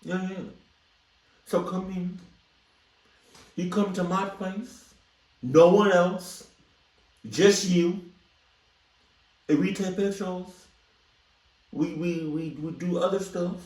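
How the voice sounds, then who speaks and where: A man voicing a sleazy fake-French male photographer with a mock French accent and wheedling, drawn-out sweet talk. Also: high-pitched, fairly even intonation, darkish tone, reverberant, distant mic, pitched above the performer's own voice.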